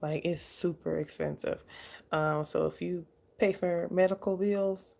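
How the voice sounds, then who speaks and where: A woman's voice: fairly low pitch, fairly even intonation, measured pace, gravelly, darkish tone. A young woman casually telling her own story to the camera, candid and chatty. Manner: candid, chatty, laughs often. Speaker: vlogger.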